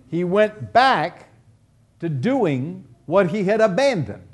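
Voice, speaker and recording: Emphatic preacher man, lively high voice. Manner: emphatic, pounding home points with rhetorical questions. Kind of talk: sermon, verse-by-verse Bible teaching.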